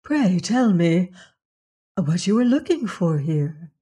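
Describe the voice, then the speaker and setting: A woman voicing a gentle, polite young princess in a storybook reading, speaking softly. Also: medium pitch, sing-song, slow, slightly rough, exaggerated voice. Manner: soft and polite.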